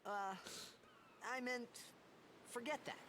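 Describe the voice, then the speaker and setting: An actor playing a confused young male athlete far from home, speaking in halting dialogue and reflective inner narration. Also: very high voice, fairly even intonation, a crowd in the background. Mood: unsure. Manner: hesitant, uncertain, halting. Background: game music.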